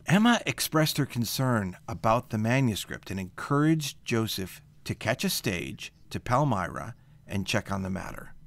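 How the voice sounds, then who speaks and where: A man co-hosting a scripture study show, reading a historical account aloud in a measured storytelling way. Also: on the low side, no echo.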